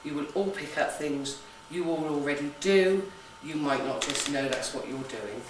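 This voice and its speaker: A woman's voice: low-pitched, normal speed. West country woman running a ghost hunt, jokey and chatty, big echoey room, mic far off, some noise behind. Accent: West Country English. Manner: chatty, jokey, keeps checking with "okay?". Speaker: psychic ghost hunt host. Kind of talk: briefing a group on a ghost hunt. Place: large echoey room in an old building. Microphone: camera from a distance.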